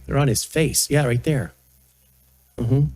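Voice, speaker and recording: An older man, the host, gently coaxing and baby-talking with a small child at a studio news desk. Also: mid-range voice, measured pace, no echo. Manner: soft coaxing baby talk. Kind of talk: casual chat with a toddler on air.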